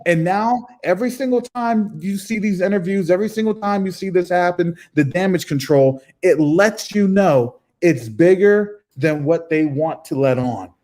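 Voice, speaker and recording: A man's voice: sits high, normal speed, hardly any pauses, a little mellow. A man giving fervent religious commentary, emphatic and preaching, often repeating his phrases for force.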